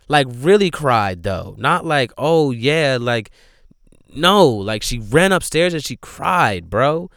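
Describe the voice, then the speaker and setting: A man hosting a casual movie review chat, emphatic and profane, breaking into loud outrage. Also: medium pitch, smooth, dry recording, clean studio sound. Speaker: podcast host reviewing movies.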